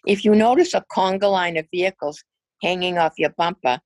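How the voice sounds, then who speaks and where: A woman's voice: fairly low pitch, fairly quick, dry recording, rough recording. An older woman from Massachusetts reading her own humorous essay aloud with a wry, dry storytelling manner. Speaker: essay reader.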